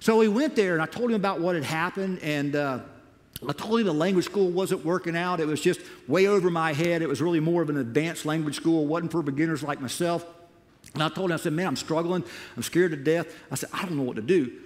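An American missionary preaches in a church auditorium, his fairly high voice moving quickly as he tells a story from the pulpit. He's animated, acting out the words he once said, and the large hall adds a long reverb.

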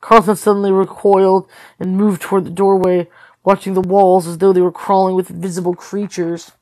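A woman reading a novel aloud as a tired read-along host, steady with occasional slips and corrections. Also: medium pitch, a little fast, no echo. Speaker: storybook reader.

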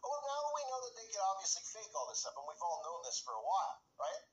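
A man's voice: high voice, huge pitch swings, quick pace, reverberant, low-quality recording. A man ranting in commentary style, agitated, often tagging his points with "right?". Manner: agitated, repeats "right?" often, mocks quoted people. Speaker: commentary channel host.

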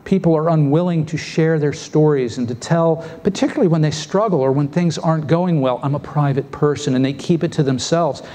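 A man preaching a sermon as pastor, lively and acting out the voices of biblical figures. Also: a little high, fairly quick, few pauses. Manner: lively, acts out scripture voices. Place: church sanctuary.

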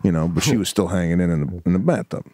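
A man with a fairly low voice tells his story with animation, acting out the family scenes in a relaxed chat. The sound is dry and close, with no room around it. He keeps an easy, casual tone as a podcast co-host. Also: rapid-fire, dry recording.

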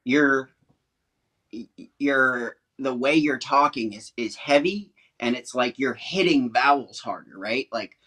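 Animated male talk show co-host. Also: mid-range voice, slow. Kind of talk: casual chat.

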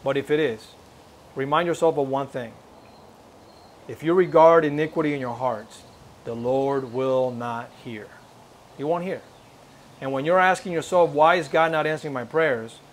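A man's voice: a little high, normal speed, long pauses, slight background noise. Man giving a storytelling church testimony. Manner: storytelling, reenacting the dialogue; earnest, exhorting. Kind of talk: personal testimony at a church service.

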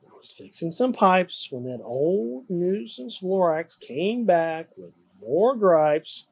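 A storyteller giving an expressive, sing-song rhyming storybook read-aloud. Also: medium pitch, slow, creaky, slightly rough.

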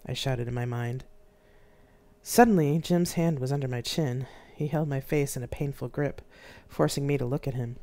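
Author reading their own book live, dramatic delivery, mid pitch. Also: normal speed, warm tone. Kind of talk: live-streamed audiobook reading.

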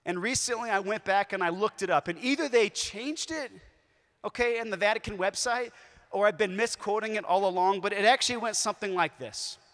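A man giving a talk at a youth conference, telling stories in a lively way with shifting emphasis. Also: sits high, brisk. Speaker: conference speaker. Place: large conference hall. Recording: echoey hall with long reverb.

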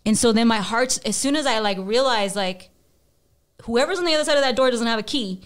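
A woman's voice: a little high, smooth. A woman telling a story in a casual chat, acting out her own quotes with bursts of speed and laughter. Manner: animated, fast bursts and acted-out quotes, laughing. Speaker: podcast guest.

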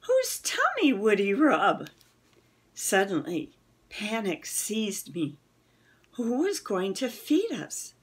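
A woman reads a children's novel aloud in a slow, unhurried way. Her slightly breathy voice rises and falls with lively pitch, and she slips into the characters as she goes. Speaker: reader.

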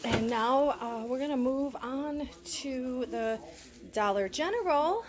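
A chatty woman in her thirties, talking casually to the camera from her home kitchen as she unpacks groceries. She sounds a little out of breath and keeps addressing her viewers as "you guys". A steady, clearly audible noise runs behind her voice. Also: sits high, slow pace. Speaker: vlogger showing a grocery haul.

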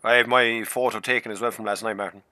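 A man's voice: on the low side, fast. A man hosting a casual gaming stream with friends, swearing freely and telling stories. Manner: swearing, storytelling, excitable. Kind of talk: casual chat among friends.

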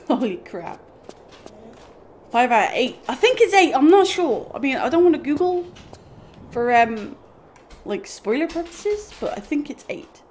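A woman's voice: a little high, darkish tone. A young woman streaming a video game live, chatting with viewers, swearing, laughing and talking to her dog. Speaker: gaming streamer.

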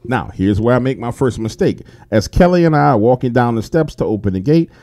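A man telling his own story in a casual, animated way, swearing freely and talking straight to his listeners. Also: medium pitch, brisk. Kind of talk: casual first-person storytelling.

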